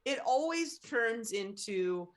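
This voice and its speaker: A woman's voice: on the high side, expressive, slow pace. Laughing woman podcast co-host. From Philadelphia area, US. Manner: enthusiastic, laughs often, trained in acting. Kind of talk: casual chat.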